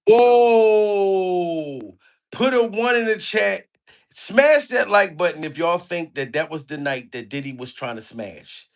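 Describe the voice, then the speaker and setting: High, bright-voiced comic commentator man. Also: normal speed, gravelly. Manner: animated, mocking, begs for likes. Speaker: commentary vlogger.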